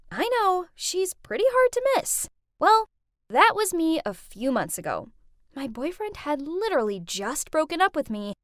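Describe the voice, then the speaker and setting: A woman tells a first-person animated story with dramatic expression. Her voice is high and lively, rising and falling a lot, and the recording is dry and close. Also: no room sound. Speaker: narrator.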